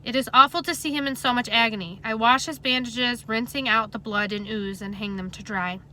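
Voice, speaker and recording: Woman, reading a novel aloud, bright tone, slightly high voice, steady, conversational. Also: a little fast, slight background noise, poor audio. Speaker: reader.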